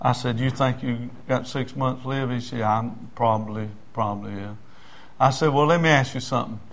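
A man's voice: medium pitch, steady tone, brisk, a bit bright, a little hiss or hum. A man, preaching and telling a story in a folksy way, full of "I said, he said" and building to fervent emphasis. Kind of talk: testimony story in a sermon.

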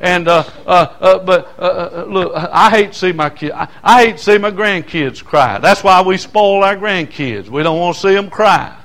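An older man preaching a fiery sermon, swinging from loud cries down to low tones and asking for amens. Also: moderate pace, hardly any pauses.

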